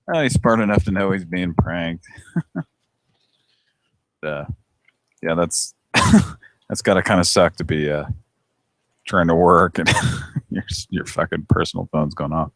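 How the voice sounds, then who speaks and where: Deep, laughing man hosting a live show. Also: slow pace, pauses often, fairly bright tone, no room sound. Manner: laughs often, loose and crude. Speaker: radio show host. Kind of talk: casual live show banter.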